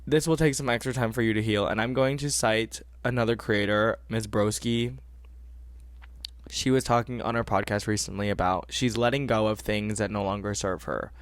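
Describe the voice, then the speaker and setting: A young man hosting a podcast, giving earnest, animated advice in casual talk and repeating phrases for emphasis. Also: fairly low pitch, moderate pace, no echo. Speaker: podcast host.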